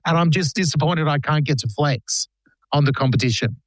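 A man's voice: fairly high pitch, a little fast, dry recording. A man hosting a radio show in casual banter, playfully telling dad jokes. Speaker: radio host.

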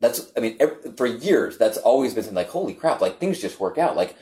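Low-voiced man telling a rambling story. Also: fairly quick. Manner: rambling, animated storytelling with restarts and acted-out quotes. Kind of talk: casual conversation among friends.

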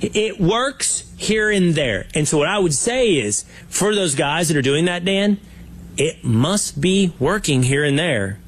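A man hosting a loose talk show, his voice pitched high and slightly husky. He swings widely up and down as he riffs, slowing down to lean on his points. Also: animated. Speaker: podcast host. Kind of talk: casual talk show banter.

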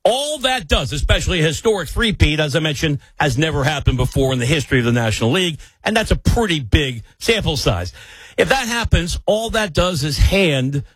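A man's voice: a little high, animated, a little fast, a bit bright, breathy edge, no room sound, low-quality recording. A man filling in as a sports talk host, delivering an opinionated monologue with emphatic rants and rhetorical questions. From New York area.

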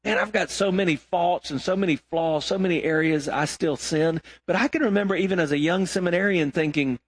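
A man's voice: brisk, hardly any pauses, husky, dry recording. Emphatic middle-aged male pastor preaching. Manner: emphatic, swings from loud high exhortation to quiet low asides. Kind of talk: sermon.

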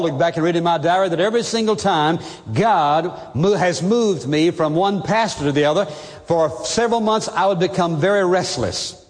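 Pastor, male, high-pitched, preaching earnestly, recorded with lingering hall reverb. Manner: earnest, direct address to listener. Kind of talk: sermon.

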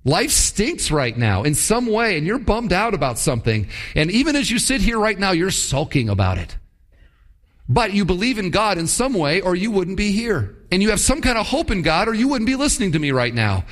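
A man's voice: high voice, sing-song, moderate pace. A man preaching a sermon as a church pastor, with a conversational style, asking the congregation rhetorical questions and building to emphatic points. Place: church service.

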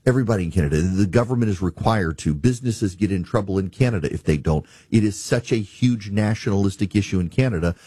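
A man's voice: lowish voice, fast, few pauses, mellow, slightly rough, no room sound, clean studio sound. A man hosting a talk radio show, giving emphatic, exasperated political commentary.

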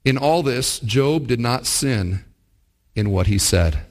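A man's voice: mid-range voice, lively intonation, slow pace. A pastor, a man, preaching a sermon to his church, asking the congregation rhetorical questions and acting out quotes. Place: church service.

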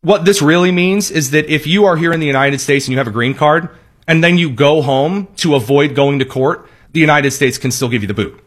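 A man hosts a political commentary show, delivering a sarcastic, mocking monologue at a fairly quick clip. Every so often he leaps into high-pitched parody voices.

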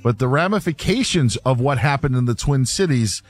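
A man's voice: medium pitch, expressive, moderate pace, faint music behind. A man hosting a sports talk radio show, casual with dry sarcasm.

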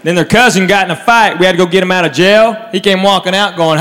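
A man performing a stand-up routine, telling animated stories and acting out his relatives. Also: high-pitched, fast. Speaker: stand-up comedian. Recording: live venue with long reverb, faint crowd noise.

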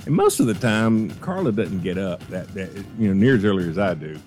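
A man's voice: on the low side, a little fast, soft background music. A man, hosting a morning radio show and telling a story in casual chat. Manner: animated, acts out quoted voices.

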